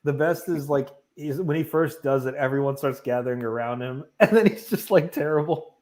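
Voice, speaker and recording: A man co-hosting a podcast in casual chat, retelling scenes with animated laughter. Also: fairly high pitch, moderate pace. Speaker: podcast co-host.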